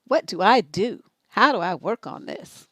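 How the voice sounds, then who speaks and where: A woman's voice: mid-range voice, big pitch swings, measured pace, fairly bright tone, no echo. A middle-aged woman hosting a live relationship advice stream, blunt, profane and scolding, acting out both sides of conversations. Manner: acts out both sides of dialogues.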